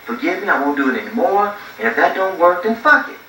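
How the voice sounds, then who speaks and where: A man's voice: high voice, expressive, quick pace, noisy background. A man from Gary, Indiana, performing live stand-up comedy in a club, telling profane, rambling stories full of asides. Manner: profane, loose storytelling with lots of asides. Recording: roomy, distant club recording. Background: crowd laughter.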